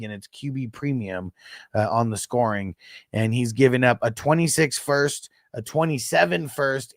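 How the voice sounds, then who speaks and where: Laid-back gravelly man hosting a livestream. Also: medium pitch, fairly bright tone, dry recording, clean studio sound. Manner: laid-back, slangy, swears and laughs easily. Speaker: fantasy football livestream host. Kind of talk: casual livestream chat answering viewers.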